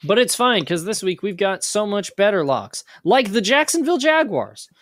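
A man's voice: high voice, big pitch swings, normal speed, a bit bright, no echo, studio quality. A young man hosting a casual sports podcast, joking around and laughing often. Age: young adult. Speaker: podcast host. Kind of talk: casual chat.

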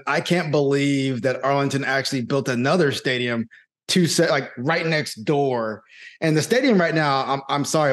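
A middle-aged man hosting a podcast, talking in an energetic, hyped-up way with friendly banter. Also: mid-range voice. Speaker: podcast host. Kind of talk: casual interview.

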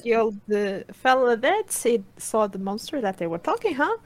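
A woman playing a tabletop game, playful and halting as she describes her moves. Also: on the high side, sing-song. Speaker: player. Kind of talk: tabletop role-play.

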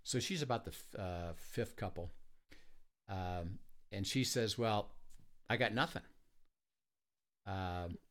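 A man with a fairly low voice tells a story in an easygoing conversation. He is earnest and halting, full of small fillers and restarts. He sounds like a ministry leader sharing an experience. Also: a bit bright.

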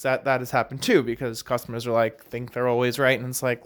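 A man's voice: medium pitch, level tone, fast, hardly any pauses, a bit bright. Rambling man talking casually. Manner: rambling, digressive. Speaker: barista. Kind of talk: casual monologue.

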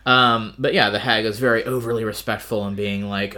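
A man co-hosting a book podcast in casual chat, relaxed, thinking aloud with "uh" and "um". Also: on the low side, a little fast, few pauses.

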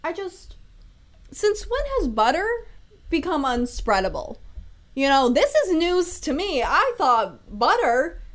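A chatty young woman talking to her podcast mic, her voice sitting a little high. She rambles through everyday stories with quick laughs and casual swearing. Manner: chatty and animated, laughs often, swears freely. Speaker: podcast host. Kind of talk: casual solo podcast chat.

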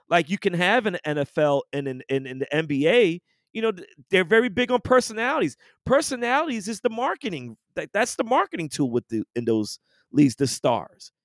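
A man's voice: high-pitched, no room sound, studio quality. A man co-hosting a podcast, ranting in casual, profane sports chat. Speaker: podcast co-host.

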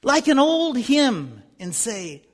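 A man's voice: very high-pitched, sing-song, slow pace. A man teaching a Bible lesson in sermon style, earnest and building to fervent appeals. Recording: long reverb of a hall.

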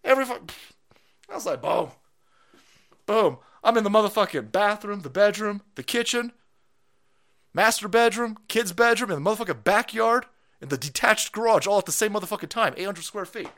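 A streamer with a high, expressive, somewhat bright voice speaks at a normal speed. His livestream is a profane political rant, full of mockery and constant swearing.

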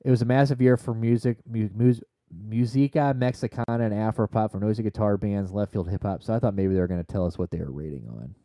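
A male podcast co-host talks in a low, mellow voice, recorded dry and close with no room sound. He rambles through loose, profane chat and gets excited as he goes off on tangents. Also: fast, few pauses, no echo.

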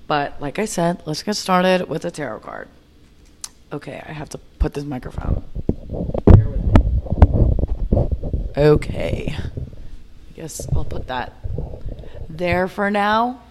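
A woman's voice: deep voice, lively intonation, slow, long pauses, darkish tone, slight background noise. A young woman hosting her own podcast alone, chatting in an upbeat, rambling way with fillers and restarts. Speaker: podcast host. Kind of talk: solo podcast chat.

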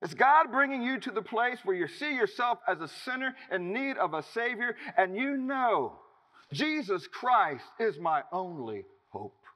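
A man delivers a sermon in a long-reverb church hall, his voice high and swinging widely in pitch. He preaches emphatically, leaning on single words with dramatic pauses. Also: sing-song, sharp tone. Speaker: pastor.

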